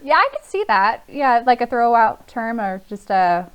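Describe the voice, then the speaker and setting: A woman's voice: a little high, animated, moderate pace, clean tone. A woman from California, a guest on a podcast, chatting casually with frequent fillers and light laughs. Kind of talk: casual chat.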